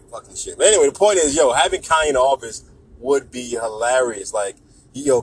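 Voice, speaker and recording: A man's voice: medium pitch, breathy edge, rough recording. A man in a casual, profane, joking rant who keeps slipping into mock voices. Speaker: vlogger.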